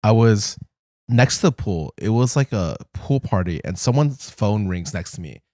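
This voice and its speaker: A podcast co-host with a voice on the low side tells stories at a normal speed in casual chat. He's an animated storyteller who swears freely, and the recording is dry and studio quality.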